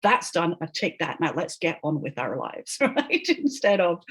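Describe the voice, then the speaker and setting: Husky, lively-pitched woman explaining spelling. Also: moderate pace. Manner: emphatic, often tags "right?", laughs between points. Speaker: guest, educational linguist. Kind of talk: animated explanatory interview talk.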